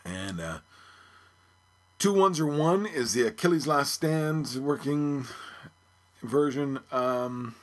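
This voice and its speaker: A man's voice: medium pitch, expressive, slow pace, pauses often. A man hosting a podcast, thinking aloud in casual music commentary. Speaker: podcast host.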